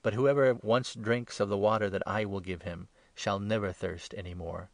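A calm, authoritative teacher speaks earnestly in a low, gravelly voice, as a man reads his lines. The delivery stays measured and instructive. The sound is dry and close. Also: dry recording, lightly acted. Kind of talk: scripted Bible reading.

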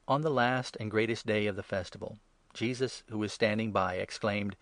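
A man giving a measured, even scripture reading. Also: fairly low pitch, no room sound. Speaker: reader.

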